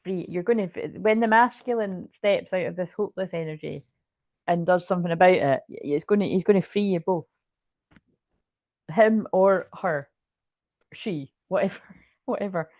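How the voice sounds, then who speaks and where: A woman's voice: fairly low pitch, moderate pace, darkish tone, dry recording. A woman giving a casual tarot card reading, chatty and rambling, with restarts and swearing. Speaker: tarot reader.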